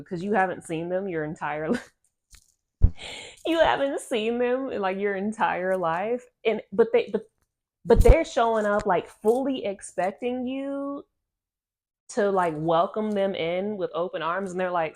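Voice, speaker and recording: A woman reads oracle cards for her viewers in a casual channeled reading, rambling and repeating herself in slangy talk. Her voice is mid-range and darkish, with a measured pace.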